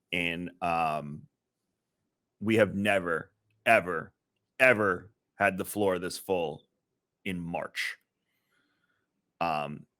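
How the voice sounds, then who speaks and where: Low-voiced man in casual chat. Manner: relaxed, rambling, many fillers. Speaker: podcast co-host and event organizer.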